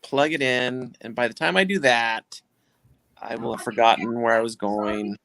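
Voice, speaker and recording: Guy with a gravelly voice teasing folks on a podcast, rambly. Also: mid-range voice, moderate pace, fairly bright tone. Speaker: podcast guest. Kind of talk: casual chat.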